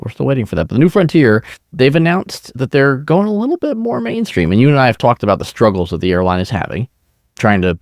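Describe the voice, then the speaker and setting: A man co-hosting a podcast, explaining airline fare changes in a measured, conversational way. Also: lowish voice, darkish tone, dry recording, clean studio sound. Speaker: podcast co-host. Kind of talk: casual podcast discussion.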